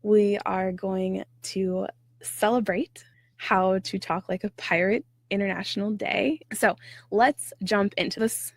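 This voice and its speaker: A woman hosts her storytelling vlog in a lively, expressive way, now and then slipping into a hushed whisper to stress a point. Her voice has a gravelly, creaky edge. The sound is close and dry, with almost no room around it. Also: medium pitch, slow pace, no room sound. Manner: animated, slipping into whispers for emphasis. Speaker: host.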